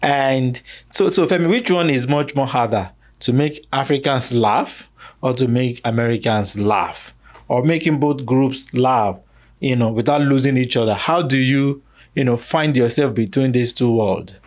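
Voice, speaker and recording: Slow-speaking podcast host man. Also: medium pitch, a little mellow. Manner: slow, reflective questioning. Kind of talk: casual interview.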